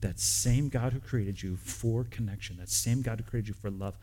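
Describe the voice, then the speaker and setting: Earnest low-voiced pastor preaching. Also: male voice, moderate pace, few pauses, dark tone. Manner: earnest, direct, repeats phrases. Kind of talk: sermon and communion prayer. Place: church sanctuary with congregation.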